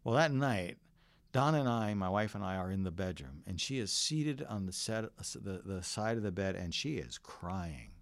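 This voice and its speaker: Lively low-voiced preacher. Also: male voice, moderate pace, no echo, studio quality. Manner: earnest, storytelling preacher who varies his delivery. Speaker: pastor. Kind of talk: sermon.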